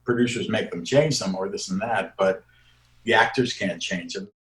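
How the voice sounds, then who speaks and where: A man's voice: fairly low pitch, a bit bright. Older male comedy writer, talks shop and acts out bits; roomy sound. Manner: acts out quick character voices in examples. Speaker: comedy writer and improv teacher. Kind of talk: interview answers.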